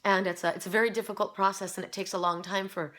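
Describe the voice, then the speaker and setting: A woman's voice: mid-range voice, steady tone, quick pace, fairly bright tone. A middle-aged woman reads oracle cards for her viewers. She speaks with open emotion and earnest conviction, and she stumbles and restarts her phrases as she goes. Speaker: oracle card reader. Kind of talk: spiritual card reading video.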